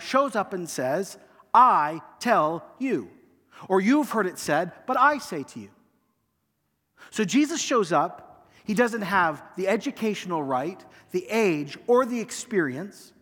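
Male pastor, sermon, high pitched, animated delivery, dropping to a hush at phrase ends, long reverb of a church hall. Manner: animated preaching, acts out quoted lines, trails off quietly at phrase ends.

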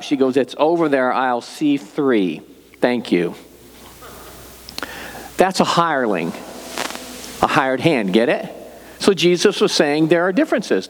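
An older man preaching a sermon as a pastor, telling stories in a relaxed, conversational way. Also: mid-range voice, long reverb tail.

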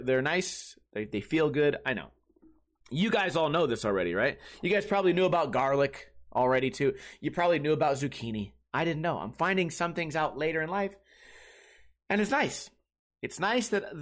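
A middle-aged man hosting a podcast, telling rambling, profane, animated stories in a casual comedic monologue. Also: sits high. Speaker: podcast host.

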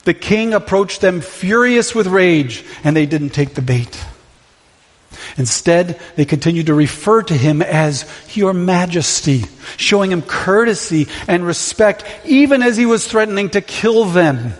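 High-voiced preacher in a reverberant hall. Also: male voice, animated, unhurried. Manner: impassioned, full of rhetorical questions. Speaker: pastor. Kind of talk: sermon. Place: church sanctuary. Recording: long reverb of a large hall.

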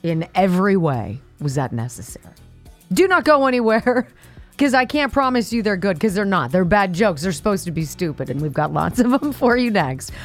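A woman's voice: medium pitch, moderate pace, faint music behind. A woman hosting a radio show, reading jokes in casual banter and laughing often. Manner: laughs often, lively joke delivery. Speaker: radio host.

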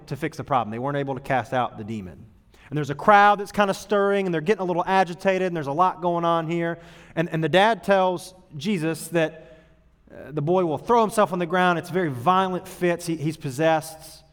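A man preaching as a youth pastor in a church auditorium, talking in a casual, earnest way that moves from loud emphasis to hushed tones. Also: on the high side, brisk. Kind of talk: sermon to youth group. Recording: long hall reverb.

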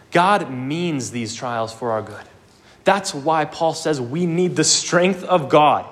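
A young man preaching a sermon, earnest and emphatic, with casual asides. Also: fairly high pitch.

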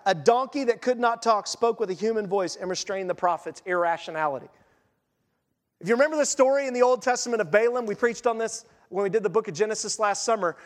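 A male pastor preaching a sermon in an animated, conversational way, firing off rhetorical questions and acting out the story. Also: very high voice. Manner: acts out story voices. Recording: long reverb in a church hall.

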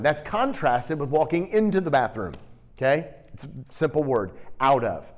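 A middle-aged man preaching a sermon, teaching with animated, emphatic bursts and storytelling. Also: mid-range voice, moderate pace.

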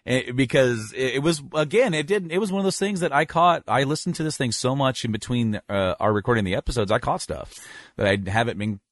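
A man hosting a casual podcast over a call, rambling and correcting himself as he talks, with bursts of excited laughter. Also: medium pitch, fairly quick, no room sound, clean studio sound. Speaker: podcast host.

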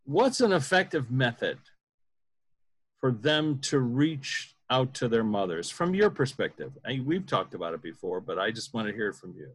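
A man's voice: mid-range voice, big pitch swings, moderate pace, breathy edge. A man hosting a casual interview, joking and self-deprecating as he leads the talk. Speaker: podcast host.

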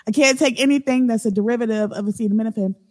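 Woman podcast guest, fairly high voice, blunt humorous storyteller. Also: very fast, a little mellow. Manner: blunt and humorous when telling stories. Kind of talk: casual chat.

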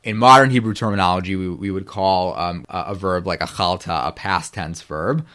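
A man's voice: low voice, normal speed, a bit bright. A man lecturing on biblical Hebrew grammar in a rambling, self-correcting way. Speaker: guest scholar.

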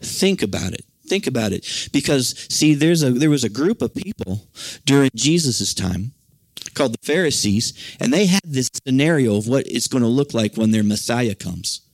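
A man's voice: mid-range voice, lively intonation, normal speed, no room sound. American male pastor, conversational sermon delivery, dry close recording. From United States. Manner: earnest, conversational preaching with frequent fillers.

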